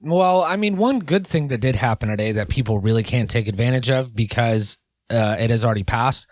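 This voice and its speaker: A man's voice: mid-range voice, a little fast, dry recording, studio quality. A man co-hosting a podcast in casual chat, rambling and joking with lots of fillers. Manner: rambling, jokey, full of fillers. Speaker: podcast co-host.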